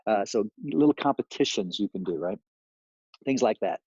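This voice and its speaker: A man's voice: fairly low pitch, animated, normal speed, a little mellow, husky, dry recording, dull audio. A man giving a sales training talk, rambling with many fillers and acting out lines he would say to customers.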